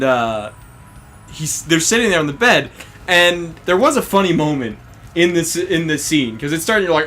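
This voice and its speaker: A man casually retelling an anime episode while playing a game, cursing freely and acting out what the characters say. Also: fairly high pitch. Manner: profane, animated retelling, acting out quoted characters. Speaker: let's play co-host. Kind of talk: casual gaming commentary chat.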